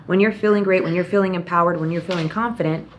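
Animated woman giving tough-love pep talk. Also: lowish voice, quick pace, highs cut off, slight background noise. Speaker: podcast host. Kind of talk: motivational monologue.

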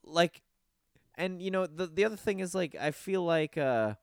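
Animated man ranting on a podcast. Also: moderate pace, vocal fry, smooth, no room sound, studio quality. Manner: animated, swearing, mimics lines in a high voice. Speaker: podcast host. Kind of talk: casual podcast chat.

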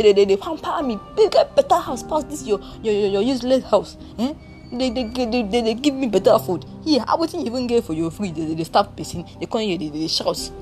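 Woman playing a brash Nigerian young man who brags and stutters; lowered voice, lively pitch. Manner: defiant, stammering, bragging. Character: boastful lazy young man, exposed fiancé. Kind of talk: one-woman comedic drama.

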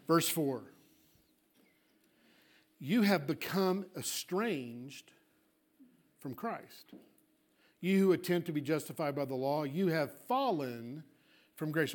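Male pastor, high tenor preaching voice, emphatic sermon delivery with sudden hushed drops. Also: animated, slow pace, long pauses. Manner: emphatic, swings from loud declarations to hushed asides; acts out congregants' objections in a small voice.

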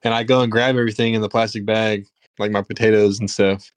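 A man's voice: fairly low pitch, little pitch movement, quick pace. A young man co-hosting a casual podcast chat, laid-back and self-deprecating. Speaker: podcast co-host.

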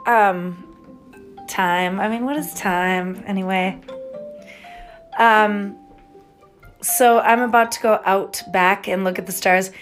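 A woman at home giving a giggly, excitable, rambling late-night monologue that jumps from one thought to the next. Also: medium pitch, slow, pauses often, soft background music. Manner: giggly, excitable, stream-of-consciousness. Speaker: podcaster.

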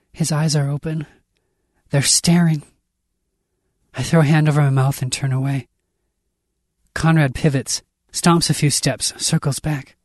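Man, audiobook narrator, slow delivery, breathy-husky tone, intense reading. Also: mid-range voice, no echo, studio quality. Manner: intense, shifts voice for characters' shouts. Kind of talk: dramatic fiction reading.

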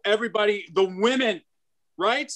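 A man in his forties doing a stand-up comedy set, hyper and excitable, stumbling over repeated words as he talks. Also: sits high, normal speed. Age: 40s. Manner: hyper, excitable, stammering restarts. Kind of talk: stand-up set at an open mic. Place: comedy club stage.

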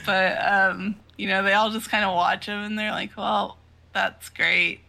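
A woman chats through a manga chapter with her co-host, her voice bright and clear. She laughs a lot and slips into quick impressions of the characters as she retells the scenes. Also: medium pitch, flat delivery. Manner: laughs often, acts out characters' lines. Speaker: podcast co-host. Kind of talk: casual chat recapping a manga.

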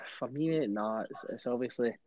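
A Scottish man in casual podcast chat, laughing and chiming in with quick remarks. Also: mid-range voice, darkish tone, muffled recording.

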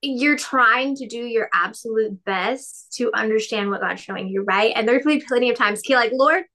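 Chatty higher-voiced woman. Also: normal speed, sharp tone. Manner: chatty, laughs often, acts out quotes. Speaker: podcast co-host. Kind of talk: casual faith chat.

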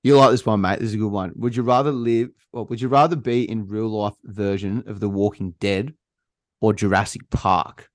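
A young Australian man hosting a casual podcast chat, laughing often and swearing freely in relaxed banter. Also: fairly low pitch, normal speed, no room sound, clean studio sound. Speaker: podcast host.

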